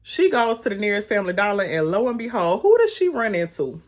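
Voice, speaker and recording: Woman, casual TV recap vlog, sassy and animated, talks to camera, middle pitch. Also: fairly quick, hardly any pauses. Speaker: YouTube reviewer.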